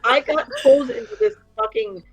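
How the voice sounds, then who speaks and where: An American woman on an online call, talking in an animated way and swearing a lot. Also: sits high, moderate pace, faint music behind. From United States. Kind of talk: casual chat. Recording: dull lo-fi call audio.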